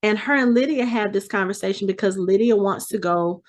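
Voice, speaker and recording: Medium in pitch and brisk in pace, this woman hosts a podcast where she casually recaps a TV episode. She's an animated storyteller who playfully voices the characters' dialogue.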